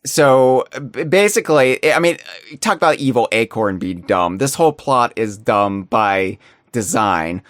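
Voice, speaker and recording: Podcast co-host, man, mid-pitched, rambling and animated, dry close mic. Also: a little slow, no echo. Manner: rambling, animated, many restarts and fillers. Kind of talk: casual podcast chat.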